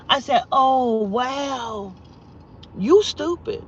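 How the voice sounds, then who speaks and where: A blunt, foul-mouthed woman, a vlogger and spiritual reader, tells her viewers a story directly, swinging between loud outbursts and low, muttered asides. Her middle-pitched voice is expressive and slow. The audio is dull and lo-fi, with a faint vehicle hum behind her.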